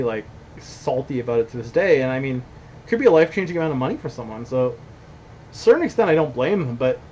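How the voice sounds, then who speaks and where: Young man, blunt rambling streamer talk, slightly dull audio, faint hiss. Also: mid-range voice. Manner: blunt, rambling, swearing, laughing asides. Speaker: company founder hosting a stream. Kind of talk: casual streamed commentary with chat reading.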